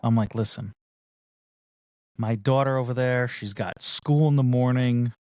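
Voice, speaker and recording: Podcast guy telling a story, does the voices of everyone in it, middle pitch, dry close sound. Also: measured pace, no echo. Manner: animated storyteller who acts out the other people in his story. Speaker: podcast co-host. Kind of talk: casual chat.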